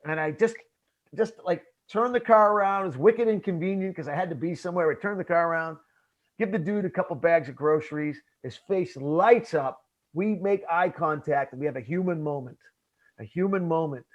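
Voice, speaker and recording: A man tells a story in a casual chat. He has a slightly high voice and acts out what he said back then. The sound is muffled and lo-fi. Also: normal speed. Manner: animated, acts out his own past lines, says bro. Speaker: podcast host.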